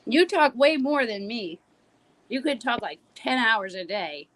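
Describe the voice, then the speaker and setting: Chatty woman with halting fillers. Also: fairly high pitch, very animated, a bit bright, a little hiss or hum. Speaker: panel co-host. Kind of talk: casual live-stream chat.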